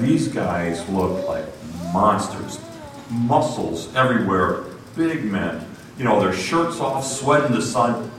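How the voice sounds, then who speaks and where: A man telling a story in a sermon, acting out the voices of the people in it. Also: lowish voice. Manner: animated, acts out voices in his story. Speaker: preacher. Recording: roomy echo, distant from the mic, faint noise.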